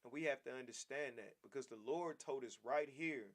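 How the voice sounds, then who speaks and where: A man's voice: mid-range voice, a little fast, few pauses, fairly bright tone. A man teaching a Bible class in a preaching style, emphatic and repetitive, often calling his listeners "man".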